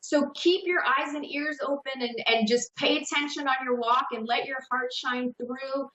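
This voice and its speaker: A woman hosting a call-in psychic radio show, giving slow, hesitant readings full of fillers and restarts. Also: high-pitched, fairly even intonation, bright, forceful tone, roomy sound, muffled recording.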